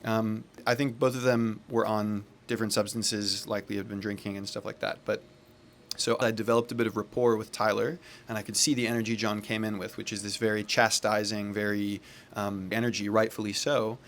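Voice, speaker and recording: A man tells a story in a calm, reflective way. He sounds earnest and unhurried, with a low voice that has a gravelly edge. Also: slight background noise. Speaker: men's accountability facilitator. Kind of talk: casual storytelling.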